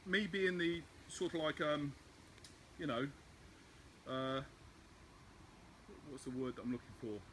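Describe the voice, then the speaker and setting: A man explaining dog training and barking short, firm commands, his voice rising and falling a lot. Steady outdoor noise sits clearly behind him. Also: fairly high pitch, slow pace, long pauses.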